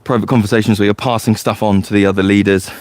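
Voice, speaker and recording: A man's voice: on the low side, steady tone, quick pace, a little mellow, no echo. A man, a forest school leader chatting casually and explaining things in a loose storytelling way. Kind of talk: casual podcast chat.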